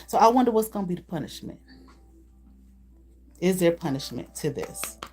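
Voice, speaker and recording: A woman's voice: fairly low pitch, very animated, normal speed, mellow. A woman doing a live card reading, talking bluntly and profanely while laughing often between remarks. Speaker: intuitive card reader.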